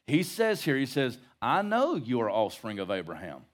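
A man's voice: medium pitch, huge pitch swings, normal speed. A middle-aged male pastor teaching verse by verse in a conversational sermon, with jokes and rhetorical questions to the congregation. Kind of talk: expository Bible-study sermon.

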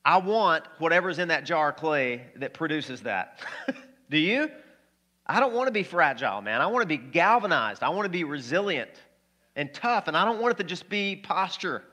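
A man preaches with lively, conversational energy, turning often to his congregation with questions. His voice sits a little high and rings bright and forceful. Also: moderate pace. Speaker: pastor. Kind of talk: sermon.

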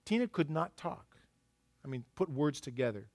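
Man, middle-aged pastor, sermon, raised pitch, loud peaks and quiet asides. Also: very animated, moderate pace. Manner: storytelling, swings from loud emphasis to hushed asides.

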